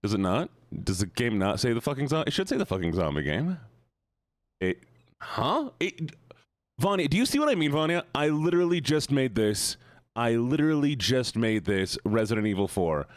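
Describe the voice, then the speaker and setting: A man streaming a game live, excitable, swearing often and repeating words in quick bursts while he chats to viewers. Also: mid-range voice, dry recording. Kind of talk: live gameplay stream chat.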